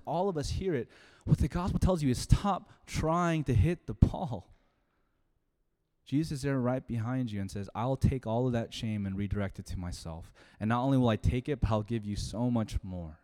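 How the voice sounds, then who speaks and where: A man in his thirties preaching a sermon, telling a personal story in a conversational way with sudden loud emphasis. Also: mid-range voice. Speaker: pastor. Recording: long hall reverb.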